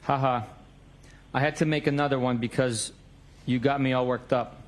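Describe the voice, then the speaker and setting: A man's voice: mid-range voice, fairly even intonation, moderate pace. A man in a courtroom reading out both sides of a text message exchange, stating the date and time of each message.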